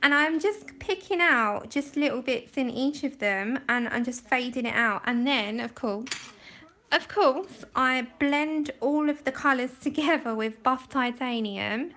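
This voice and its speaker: A woman's voice: high voice, unhurried, pushed and bright. Giggly woman chatting on a colouring stream. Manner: giggly, laughs often, chatty and self-deprecating. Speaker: livestream host. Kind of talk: casual livestream chat while colouring. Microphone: phone mic.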